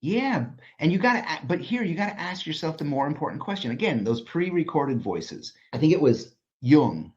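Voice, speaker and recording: A man who is a designer and author, talking as a podcast guest. He tells stories in an animated way and swears freely. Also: fairly high pitch, fairly quick, hardly any pauses. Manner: animated, profane storyteller. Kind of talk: casual podcast conversation. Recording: slightly dull lo-fi audio.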